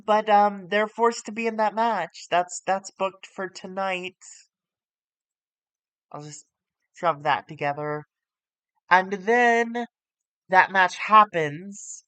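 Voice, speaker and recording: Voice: medium pitch, measured pace, fairly bright tone, clean tone, no echo. A streamer giving casual, rambling commentary with self-corrections while playing a wrestling management game on a close mic.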